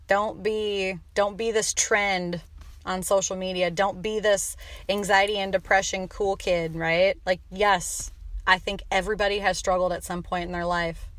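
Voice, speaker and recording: A woman's voice: mid-range voice, level tone, measured pace, a bit bright, no echo. A woman hosting a motivational podcast, talking in a passionate, blunt rant with some swearing. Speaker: podcast host and coach.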